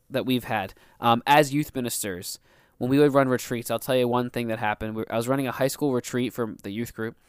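A man telling stories on a casual faith podcast, earnest and quick to laugh. His voice is smooth and resonant, sitting at an ordinary pitch. The sound is close and dry. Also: no echo. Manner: earnest storytelling, laughs often. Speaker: podcast co-host and youth minister.

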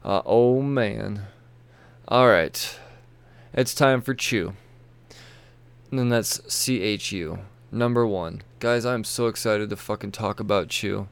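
A man's voice: on the low side, slow, vocal fry, smooth, dry recording. A tired man hosting his comic book podcast, rambling and swearing casually as he reads through new releases. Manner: rambling, profane, self-interrupting. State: tired, yawning. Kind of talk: casual solo podcast chat. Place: home room with toy shelves behind.

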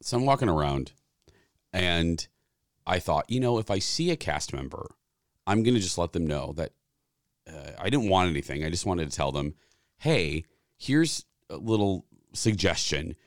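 Guy in his 40s telling a story on a podcast, low voice, dry room, really animated. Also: moderate pace, long pauses, dry recording. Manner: animated storyteller, acts out quoted dialogue. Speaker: podcast co-host. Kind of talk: casual chat.

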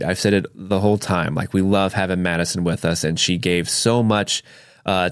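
A man's voice: fairly low pitch, no echo, studio quality. A man co-hosting a podcast, teasing his co-hosts playfully in casual banter. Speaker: podcast co-host.

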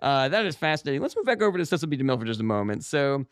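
A man's voice: medium pitch, big pitch swings, very fast, dry recording, clean studio sound. A man hosting a comedy podcast interview, playing the earnest straight man and often restarting his sentences.

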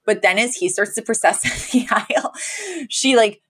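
Her mid-range voice moves at a moderate pace as she co-hosts a podcast and recounts a sitcom episode conversationally. Laughing often, she brings the story to life by acting out what the characters say.

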